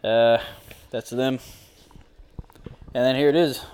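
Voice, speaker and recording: A man's voice: mid-range voice, steady tone, slow pace, a little mellow, smooth. A young man co-hosting a podcast in casual banter, reading old record sleeves aloud in a mock-grand tone. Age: young adult. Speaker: podcast co-host.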